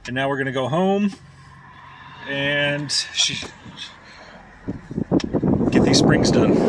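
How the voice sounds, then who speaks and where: Man, casual garage vlog, plainspoken, rambling, mid-pitched voice. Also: heavy background noise. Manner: rambling, plainspoken, mutters while working. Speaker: car hobbyist vlogger. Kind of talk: casual talk while working on a car.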